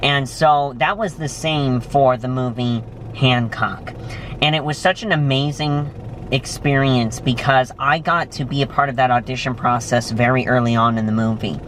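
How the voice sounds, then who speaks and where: A young man in a restaurant, chatting casually and telling stories with lively excitement. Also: normal speed, a little hiss or hum. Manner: animated storytelling, jumps high when excited. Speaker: vlogger. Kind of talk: casual chat. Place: restaurant, indoors.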